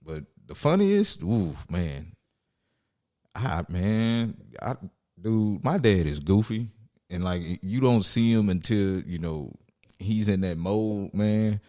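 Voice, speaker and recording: A man's voice: fairly low pitch, slow pace. A young man co-hosting a podcast, chatting casually and acting out quotes as he tells stories. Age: young adult. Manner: animated storyteller, acts out quotes. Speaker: podcast co-host. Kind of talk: casual chat.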